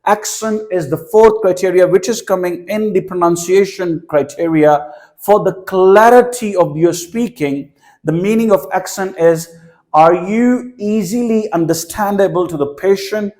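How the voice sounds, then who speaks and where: A man with a Pakistani accent and a notably high speaking voice gives an exam-prep lesson. He explains methodically, restating points and sometimes stumbling over repeated words as he works out his phrasing. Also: unhurried, a little mellow. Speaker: exam tutor. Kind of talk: teaching lecture.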